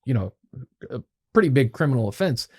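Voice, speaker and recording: A man telling a long, animated story as a podcast guest, swearing freely and acting out what people said. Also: mid-range voice, brisk, husky. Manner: animated, profanity-laced, acts out quoted dialogue. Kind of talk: casual storytelling.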